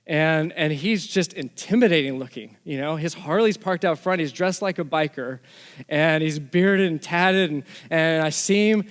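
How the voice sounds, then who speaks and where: A man's voice: on the high side, normal speed, in a large hall. A man from Texas, a pastor giving a sermon in a conversational storytelling way, often restarting his phrases.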